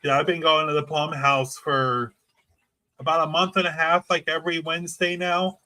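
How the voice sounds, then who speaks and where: A man with a bright, forceful voice, talking casually as a paranormal investigator. He is eager and chatty and leans on filler words. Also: fairly high pitch, flat delivery, normal speed, a little hiss or hum. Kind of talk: casual conversation.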